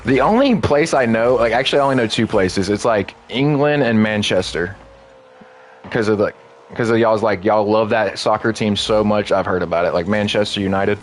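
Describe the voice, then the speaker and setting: A man's voice: fairly low pitch, moderate pace, slight background noise. A man streaming a game, chatting loosely and rambling with lots of filler words. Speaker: gaming streamer. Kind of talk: casual live-stream commentary.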